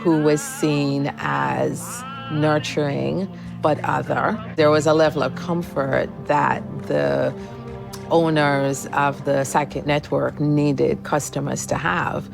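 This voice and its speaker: Low gravelly woman scholar, slow and careful, music under her. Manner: measured, academic, slow. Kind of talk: documentary interview.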